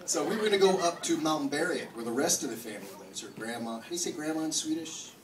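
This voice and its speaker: A man with a New Jersey accent tells profane stand-up stories in a brash way. His voice sits a little high. He is heard from a distance in a roomy club, with audible noise behind him. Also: animated, fast, a crowd in the background. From New Jersey, USA. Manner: brash, profane, swings into loud mock-angry bits. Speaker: stand-up comedian. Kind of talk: stand-up comedy set. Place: comedy club stage. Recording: echoey club from far off with noise.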